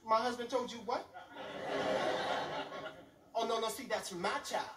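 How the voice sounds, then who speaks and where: A man's voice: very high-pitched, a little slow, heavy background noise. A man voicing an angry, protective middle-aged mother who talks sassily and with mock politeness. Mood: furious. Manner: sassy, sharp, mock-polite. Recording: roomy club sound from far off.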